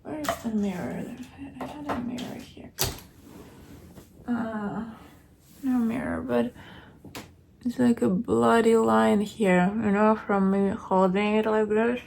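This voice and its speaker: Woman, actor, weary diary voice; fairly high, heavy vocal fry, soft and often whispering. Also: fairly even intonation, slow, long pauses, a little hiss or hum. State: weary, low on energy. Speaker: actor keeping a video diary. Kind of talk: late-night video diary.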